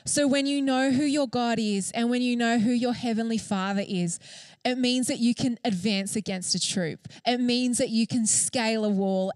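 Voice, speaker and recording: A woman's voice: on the high side, no echo. Earnest young woman preaching. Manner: earnest and enthusiastic, many fillers. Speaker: church speaker. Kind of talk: sermon.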